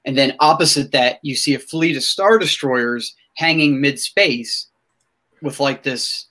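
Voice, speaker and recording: A man hosting a podcast in casual chat, excitable and rambling, with many restarts. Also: medium pitch, unhurried. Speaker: podcast host.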